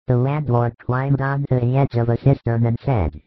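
A man giving a steady, solemn reading of a religious parable as scripted narration. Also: medium pitch, moderate pace, hardly any pauses, no echo. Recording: dry, tinny phone-like sound.

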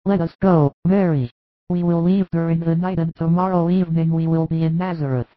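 A woman voicing a gentle, devout mother who pleads earnestly, read as audiobook dialogue. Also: deep voice, steady tone, brisk, no echo, faint music behind, natural voice. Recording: dry, tinny phone-like sound.

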